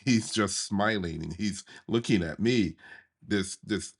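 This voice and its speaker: Deep husky man telling a childhood story. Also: measured pace. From USA. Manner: animated, chuckles while telling. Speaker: podcast host. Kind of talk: memoir storytelling podcast.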